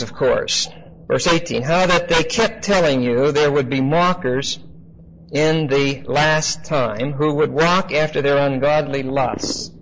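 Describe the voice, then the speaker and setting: A man preaching an expository Bible teaching, measured and emphatic, often pausing with "uh" and checking in with "okay?". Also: mid-range voice. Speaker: pastor. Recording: slightly dull lo-fi sound with faint noise.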